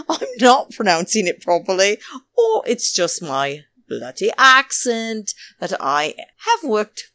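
A chatty, theatrical woman rambles through her podcast from home, her voice swooping up and down. She talks slowly and lingers on her words. The sound is close and dry. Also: mid-range voice, fairly bright tone, no room sound. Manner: chatty and theatrical, keeps calling listeners darlings. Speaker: podcast host. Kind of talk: casual rambling podcast monologue. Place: home, New York.

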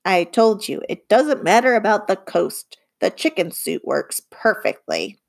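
A woman reading an audiobook, voicing a small green creature who speaks slowly in stiff, formal phrases. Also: medium pitch. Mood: earnest. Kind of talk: audiobook character voice.

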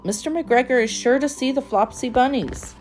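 A woman's voice: high voice, moderate pace, a little mellow, faint music behind, pitched above the performer's own voice, lightly acted. A woman voicing a fussy, tidy little female mouse who talks in a prim, scolding way. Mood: anxious.

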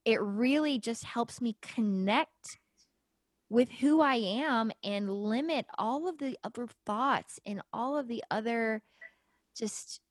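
A woman's voice: a little high, slow pace, no echo. A young woman hosting a podcast, speaking earnestly and searchingly about spirituality. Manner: earnest, searching, many "like" fillers. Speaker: podcast host. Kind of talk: reflective spiritual conversation.

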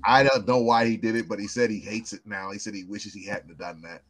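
A man co-hosting a podcast in casual chat, animated and swearing freely, often repeating words. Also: fairly low pitch, fast. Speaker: podcast co-host.

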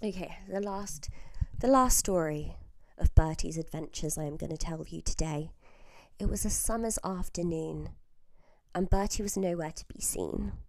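Her voice is on the low side with a moderate pace: an unwell podcast host in her early twenties, from southern England, chatting casually through stories, laughing often and at times whispering. She's very close to the mic, and the recording is dry and clean, studio-grade.

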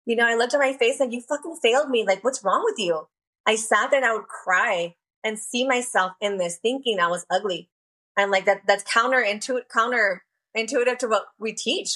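A woman's voice: mid-range voice, bright, forceful tone. A woman guest on a podcast, a self-expression coach who speaks candidly and bluntly with many fillers. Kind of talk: casual podcast interview.

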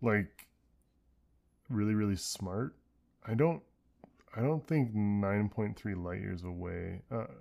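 Slow, laid-back podcast co-host. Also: low voice, gravelly, dark tone. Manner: short reactions, slow and unhurried. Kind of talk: casual recap chat.

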